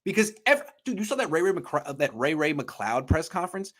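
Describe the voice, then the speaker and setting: Man, sports talk rant, fairly high pitch, emphatic, worked up. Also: expressive, a little fast, a bit bright. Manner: ranting, emphatic, swears, pitch jumps when worked up. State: excited. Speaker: podcast co-host.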